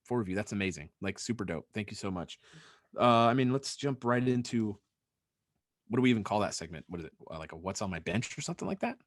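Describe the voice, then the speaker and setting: Lively, laughing man on a call. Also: lowish voice, fast talker, dry recording, studio quality. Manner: laughs often, teasing. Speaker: podcast co-host. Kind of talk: casual chat. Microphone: remote video call.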